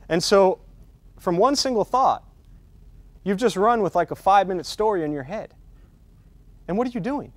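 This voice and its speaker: A man's voice: sits high, animated, moderate pace, long pauses, no echo. A man leading a meditation teacher-training workshop, talking casually and often checking in with "right?" as he builds up to his points. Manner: conversational, keeps asking "right?", builds intensity on key points.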